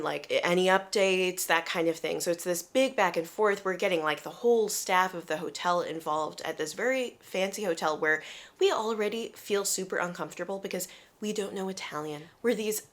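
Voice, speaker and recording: A young woman from the United States telling a travel story in an animated, chatty, self-deprecating way. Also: on the low side. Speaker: vlogger. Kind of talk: casual storytelling to camera.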